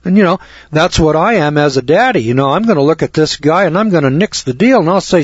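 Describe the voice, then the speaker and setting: Radio host, middle-aged man, husky and blunt, dull dry lo-fi broadcast sound. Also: on the high side, lively intonation, fast, no echo. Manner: blunt, rambling, preachy. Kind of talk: folksy radio talk show lecture.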